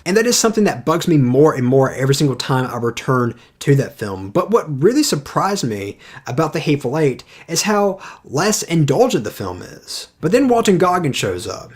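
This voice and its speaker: A man's voice: medium pitch, big pitch swings, moderate pace, hardly any pauses. A man giving a casual spoken film review, blunt and opinionated.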